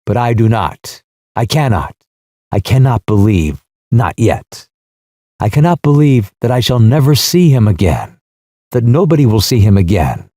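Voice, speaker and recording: A male narrator voicing a grieving young woman in mourning, speaking in a trembling, halting, fervent way. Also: medium pitch, very animated, warm tone, no echo, clean studio sound.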